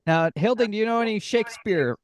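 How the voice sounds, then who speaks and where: A man's voice: high-pitched, animated, fast, dry recording, rough recording. A man hosting a casual online game show, talking in an upbeat, rambling way. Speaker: game host.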